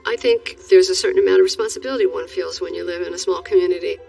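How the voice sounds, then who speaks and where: A woman's voice: on the low side, racing, gravelly, a little mellow, far from the mic, soft background music, poor audio. A woman interviewed about a friend, speaking thoughtfully in a reflective interview.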